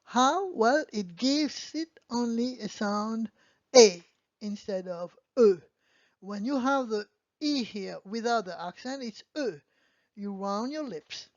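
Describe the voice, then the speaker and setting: A woman's voice: on the high side, slow, dry recording. A woman teaching a beginner language lesson, patiently explaining and often checking in with "okay?". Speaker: French teacher. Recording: dull lo-fi dry sound.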